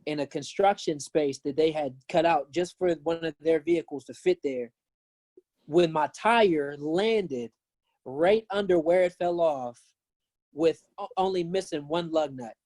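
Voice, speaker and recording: Earnest male pastor guest, warm low-key tone, dry recording. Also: dry recording. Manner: earnest, animated when retelling. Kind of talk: casual storytelling.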